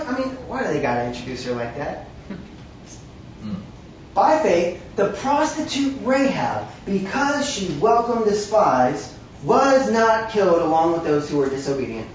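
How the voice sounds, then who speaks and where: With a medium-pitched voice and a faint hiss or hum in the audio, a preacher offers an emphatic, conversational sermon laced with wry asides. The mic sits far from him in a large room, leaving the sound dull, distant and very echoey.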